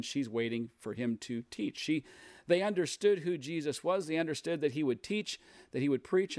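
Conversational preacher with a higher voice. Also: male voice, a little mellow, no room sound, studio quality. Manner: conversational Bible teaching with frequent repetition. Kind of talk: sermon.

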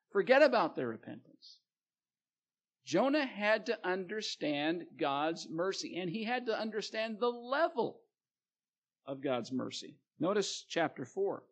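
A male preacher reading scripture aloud and explaining it in a plain sermon, with fillers and restarts. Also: sits high.

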